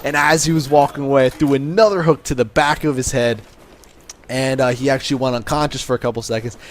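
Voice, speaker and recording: A man's voice: medium pitch, fairly even intonation, quick pace, slight background noise. A young man telling a casual, profane story to camera, with a swaggering manner and plenty of fillers and restarts. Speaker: vlogger telling a life story.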